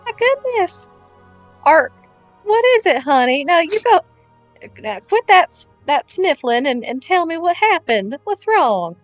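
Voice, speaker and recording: A woman's voice: extremely high pitch, very animated, measured pace, no room sound, soft background music, pitched above the performer's own voice, heavily acted, rough recording. A woman voicing a motherly older woman who comforts a crying girl in a folksy drawl, hesitant and fond of calling her honey. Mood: coaxing.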